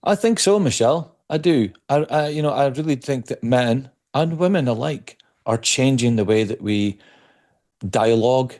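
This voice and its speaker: A man's voice: medium pitch, expressive, moderate pace, a little mellow. A man who is a podcast guest, talking reflectively in an interview and often repeating words as he looks for the right one. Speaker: podcast guest, speaker on stress. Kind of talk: conversational interview.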